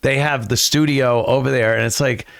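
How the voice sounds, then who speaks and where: Gravelly man in casual podcast chat. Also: mid-range voice, steady tone, normal speed, a bit bright, dry recording, clean studio sound. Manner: rambling, laughs at own jabs, mimics others. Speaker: studio guest. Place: podcast studio.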